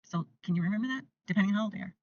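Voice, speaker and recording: An older woman hosting parenting advice to camera, emphatic and repetitive, sometimes acting out gentle lines she would say to a toddler. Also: medium pitch, very fast, no room sound, recorded from a distance, lo-fi sound.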